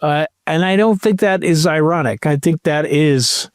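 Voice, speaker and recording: A man's voice: on the high side, no room sound, clean studio sound. A man co-hosting a podcast, chatting casually and telling rambling, jokey stories. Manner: rambling, jokey, slow storytelling. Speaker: podcast co-host. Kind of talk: casual chat.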